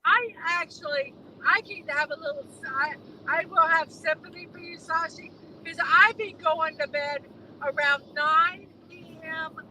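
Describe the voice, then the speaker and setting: Chatty high-voiced woman in a noisy car. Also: unhurried, bright, forceful tone. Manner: chatty, rambling, laughs easily. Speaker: co-host of a live driving stream. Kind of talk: casual chat.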